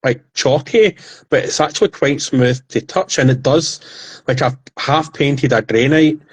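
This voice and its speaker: A man in his thirties, a podcast co-host, retelling comedy skits in a rambling, animated casual chat. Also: medium pitch, unhurried, slightly rough.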